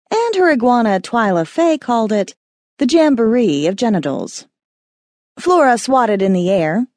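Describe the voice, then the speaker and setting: A woman with a mid-range voice narrates a scripted audiobook expressively, in a storytelling manner. The recording is dry and studio quality.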